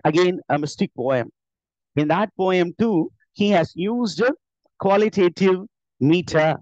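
A man with an Indian English accent teaches a live online lesson. His voice sits a little high. He explains step by step with frequent filler "uh"s and quick self-corrections. The call audio is dull and dry. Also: lively intonation, darkish tone, no echo. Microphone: computer mic on an online class call.

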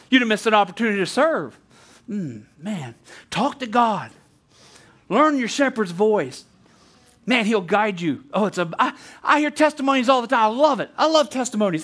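A man with an unusually high-pitched voice delivers a sermon as a pastor. He preaches in a loose, chatty way, breaking off into asides and restarting his sentences. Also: fairly bright tone.

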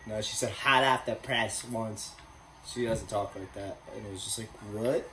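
A young man giving excitable, profane live reactions while watching a football game. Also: lowish voice, moderate pace. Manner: excitable, profane, bursts of cheering. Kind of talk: casual live reaction commentary. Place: indoor room watching TV. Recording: echoey room with background noise.

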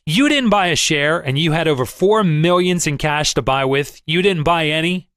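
A man acting an enraged middle-aged trader, yelling himself hoarse, very animated pitch, dry audiobook read. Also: normal speed, dry recording. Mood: furious. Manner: shouting, sputtering with rage. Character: furious middle-aged male stock speculator.

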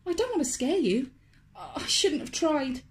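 A woman voicing a gentle, shy young vampire boy in a children's storybook, speaking softly and apologetically. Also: high voice, animated, measured pace, slight background noise, voice pushed up. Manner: soft, apologetic, wistful.

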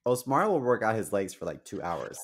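A man co-hosting a podcast, telling stories in a casual chat, animated, blunt and crude. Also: fairly low pitch, a little fast, husky. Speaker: podcast co-host.

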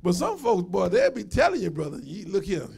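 A man preaching a live sermon as a pastor, shouting, laughing and swinging between loud and soft. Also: sits high, wildly swooping pitch, brisk, vocal fry, husky. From United States.

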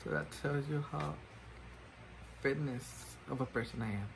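A man's voice: medium pitch, unhurried, creaky, a little hiss or hum, low-quality recording. A man chatting casually while doing his makeup, rambling and self-mocking, switching languages mid-sentence. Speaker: makeup vlogger.

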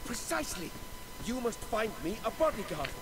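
A man's voice: very high-pitched, big pitch swings, moderate pace, low-quality recording. An actor playing a nervous, scheming man in a video game, pleading anxiously for protection.

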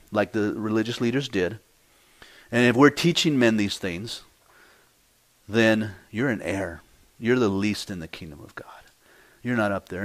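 A male pastor delivering a sermon with a middle-pitched voice. His preaching is emphatic. He drops to quiet, drawn-out lines, then rises to loud, pressing emphasis. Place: church.

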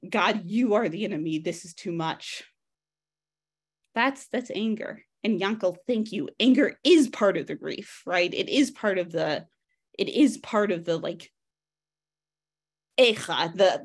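A woman leading a text study over a video call, speaking conversationally, thinking aloud with frequent restarts and addressing participants by name. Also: mid-range voice. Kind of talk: casual teaching, reading and discussing a text.

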